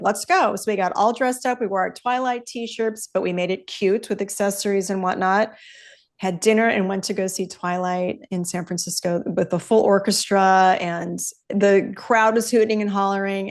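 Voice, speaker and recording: A woman's voice: medium pitch, steady tone, moderate pace. A middle-aged woman hosting a podcast, chatting casually in an upbeat, candid way that drifts into swearing. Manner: chatty, upbeat, loose with profanity. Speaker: podcast host.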